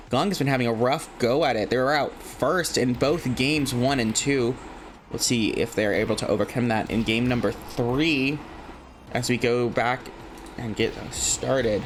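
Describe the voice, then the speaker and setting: A man's voice: mid-range voice, a little slow, slight background noise. A man casting a live online game tournament from his home desk, calling kills and standings in a casual, chatty way with frequent swearing. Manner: casual, swearing, chatty asides between play calls. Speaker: esports caster.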